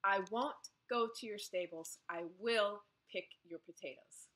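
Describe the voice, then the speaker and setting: A woman's voice: fairly high pitch, very animated, normal speed, fairly bright tone, voice pushed up. A woman voicing a stubborn, guarded teenage refugee girl who speaks bluntly in a storybook reading. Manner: earnest, blunt and defiant.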